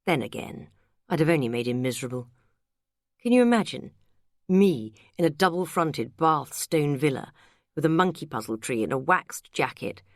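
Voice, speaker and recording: A worldly, self-mocking woman spins tipsy tales with dry, amused humour, as a woman reading an audiobook voices her. Her voice sits low. The sound is close and dry. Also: lively intonation, normal speed, no echo. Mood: wry amused. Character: wry, worldly woman friend, tipsy storyteller.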